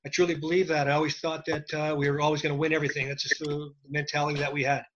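A former hockey player reminiscing earnestly, halting over his words. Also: fairly high pitch, level tone, a bit bright. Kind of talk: casual reminiscing. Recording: dull, slightly noisy line.

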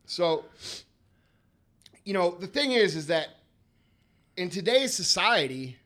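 A man in his thirties hosts a podcast, telling stories with emphatic, profane energy. His voice is bright and forceful, pitched a little high. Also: sing-song, slow. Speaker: podcast host. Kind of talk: casual podcast chat.

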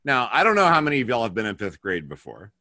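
Bright, lively man telling stories. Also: medium pitch, fast, no room sound, studio quality. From England and Spain, raised partly in the UK. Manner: lively storyteller, acts out voices. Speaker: panel guest. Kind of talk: casual storytelling.

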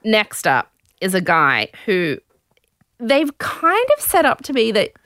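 Animated, laughing woman podcast host. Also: medium pitch, takes it slowly, dry recording, studio quality. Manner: animated, laughs often, recaps with quoted voices. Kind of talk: casual podcast chat.

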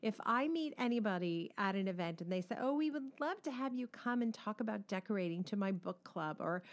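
A woman's voice: medium pitch, normal speed, hardly any pauses. Laughing woman podcast host. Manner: laughing, storytelling, animated quotes. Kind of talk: casual chat.

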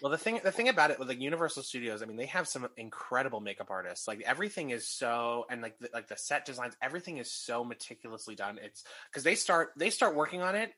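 Excitable host, husky bright voice, storytelling in a casual chat. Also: mid-range voice, quick pace, few pauses. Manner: excitable storyteller, many fillers. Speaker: podcast host.

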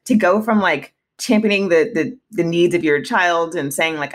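A woman's voice: low-pitched, steady tone, normal speed, hardly any pauses. A woman in her thirties talking candidly as a podcast guest, emotional at times, with frequent restarts and laughs. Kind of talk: casual interview conversation.

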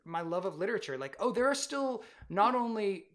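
Excited rambling podcast co-host. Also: mid-range voice, fairly quick. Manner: rambling, excited, full of fillers and restarts. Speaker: parent. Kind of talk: casual chat.

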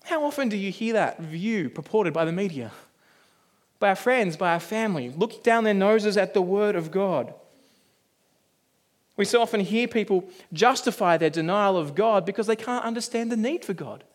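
High-voiced earnest male preacher. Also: expressive, normal speed. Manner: earnest, conversational, rhetorical questions. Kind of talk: sermon.

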